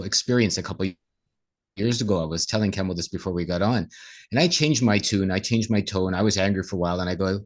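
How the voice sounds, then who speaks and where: A man co-hosting a casual conversation, talking in an earnest, motivational way. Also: lowish voice. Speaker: co-host.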